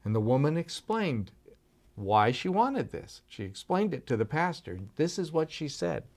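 A man telling a children's story at a church service, animated, with frequent restarts and questions to his young listeners. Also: fairly high pitch, normal speed.

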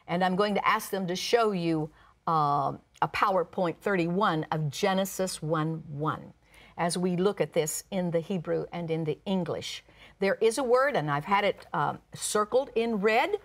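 A woman's voice: mid-range voice, expressive, a little slow. Woman pastor teaching the Bible. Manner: reads scripture aloud, explains words; uses "uh" fillers.

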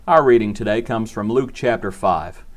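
A man's voice: lowish voice, moderate pace. A man preaching a short devotional sermon in an earnest, repetitive cadence.

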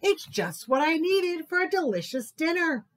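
A woman voicing a hungry male squirrel in a children's storybook, chattering excitedly. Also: very high-pitched, far from the mic, voice pushed up. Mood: delighted. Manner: chattering, quick exclamations.

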